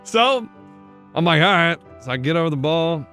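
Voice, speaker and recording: A man co-hosting a casual podcast chat, telling an animated story and acting out the people in it. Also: fairly high pitch, moderate pace, soft background music. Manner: animated storyteller, acts out quotes.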